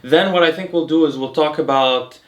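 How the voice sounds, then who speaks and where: Young male host, casual and rambling, slightly high voice, roomy echo. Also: a little fast. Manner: chatty, rambling with fillers and restarts. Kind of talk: casual Q and A chat. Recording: echoey room.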